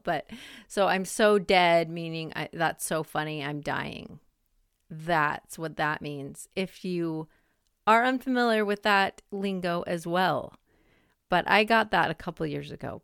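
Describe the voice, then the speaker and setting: Podcast host, woman, 40s; slightly low, smooth voice, casual rambling delivery, dry close mic. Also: no echo. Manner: chatty, rambling, lots of "like" and "um". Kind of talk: casual monologue.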